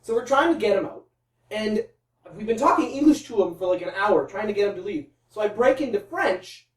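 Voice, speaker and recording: A man co-hosting a podcast in casual chat, an animated storyteller who gets excitable. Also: high-pitched, a little fast. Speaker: podcast co-host. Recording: echoey room, distant mic.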